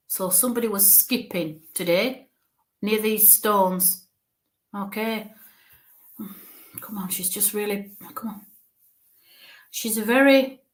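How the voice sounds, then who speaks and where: A spiritualist medium gives a live reading in a medium-pitched voice. She speaks haltingly, searching for words mid-sentence, repeating phrases and often checking in with the listener.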